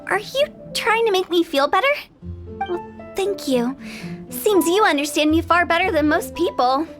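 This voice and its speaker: Mischievous young funeral director, high bright voice, pushy salesy patter, music behind. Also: female voice, lively intonation, normal speed. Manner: cheeky salesy patter, giggly. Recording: game soundtrack playing under voice. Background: game music.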